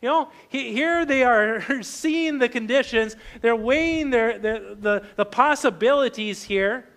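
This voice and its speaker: Pastor, male, high voice, chatty sermon delivery full of "you know" and restarts. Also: unhurried. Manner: conversational, filler-heavy, frequent restarts; animated and loud when voicing the disciples, quiet and low when personal.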